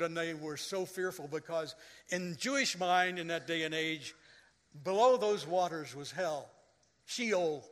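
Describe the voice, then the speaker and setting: Man, pastor, sermon, slow deliberate delivery, dramatic storytelling, long hall reverb. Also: sits high. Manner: storytelling, dramatic swells into loud quoted lines.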